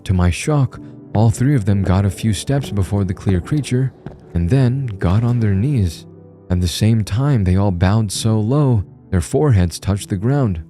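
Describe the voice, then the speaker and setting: A man narrating a scripted horror story in a calm, measured way. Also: lowish voice. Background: soft music.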